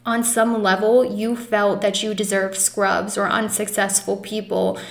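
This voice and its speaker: A woman's voice: mid-range voice, little pitch movement, measured pace, creaky, roomy sound. A woman giving a pick-a-card tarot reading, speaking earnestly and emotionally to her viewers and reassuring them often. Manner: many fillers and restarts, addresses viewers as guys. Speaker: tarot reader.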